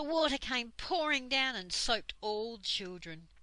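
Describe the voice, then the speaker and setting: An older woman reading a children's book aloud as a storyteller, gentle and unhurried. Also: fairly high pitch, expressive, a little hiss or hum, low-quality recording.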